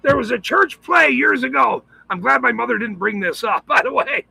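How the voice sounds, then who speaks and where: Gravelly high-voiced man ranting. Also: expressive, moderate pace, no echo, rough recording. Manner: shouty, swears often, laughs a lot. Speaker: commentator. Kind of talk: rambling profane commentary.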